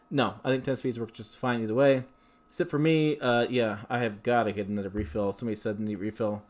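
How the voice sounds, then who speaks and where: A man hosting a casual livestream, reading viewer questions and answering them in a rambling, chatty way. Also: mid-range voice. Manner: rambling, chatty, with frequent fillers and restarts. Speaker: livestream host.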